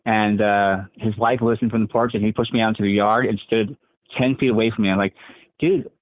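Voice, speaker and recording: A man calling in to a radio show, telling a story in a rambling, halting way with many fillers. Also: lowish voice, level tone, no echo. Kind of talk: casual storytelling on a call. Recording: tinny phone line.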